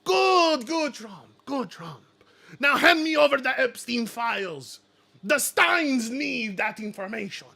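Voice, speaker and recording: A man's voice: very high-pitched, expressive, slow, creaky, bright, forceful tone, full character voice. Man putting on a gloating puppet-master villain. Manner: gloating, commanding, theatrical. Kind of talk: mock villain voice on a live stream.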